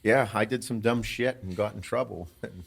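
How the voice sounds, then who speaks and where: A man's voice: lowish voice, normal speed, vocal fry, a little hiss or hum. A middle-aged man from western Pennsylvania, a podcast host telling a story in casual chat, swearing freely and laughing as he talks. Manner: profane, laughs through his stories.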